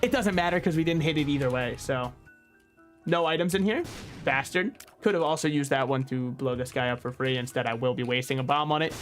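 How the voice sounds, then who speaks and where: A man's voice: medium pitch, brisk, soft background music. A man giving casual, sarcastic gameplay commentary as a streamer, mocking himself and swearing freely. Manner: sarcastic, self-mocking banter.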